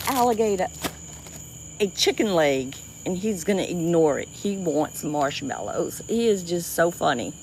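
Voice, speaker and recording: Here a Cajun woman from South Louisiana hosts a livestream outdoors by a swamp river at night, talking casually with viewers. Her voice is fairly low and a little mellow, slow-paced, with lively intonation, and there's slight background noise. She's chatty and laughs readily, with plenty of restarts and "y'all."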